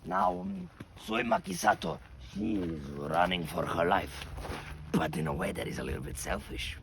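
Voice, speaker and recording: A deep-voiced man rambles through a crude comic tale, swearing freely and swinging his pitch all over. His voice is gravelly and heard from off mic in an echoey room. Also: normal speed, distant mic, a crowd in the background. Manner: profane, rambling, animated. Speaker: storyteller.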